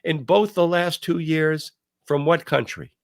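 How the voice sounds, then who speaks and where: An older man hosting a talk show, telling stories and giving commentary in an emphatic, animated way. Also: a little high, measured pace. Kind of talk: casual commentary.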